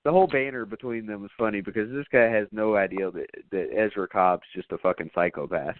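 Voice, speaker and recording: A man's voice: fairly low pitch, fairly quick, no echo, narrow, tinny audio. A man hosting a podcast, recapping a movie in loose, rambling casual chat full of fillers and swearing. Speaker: podcast host.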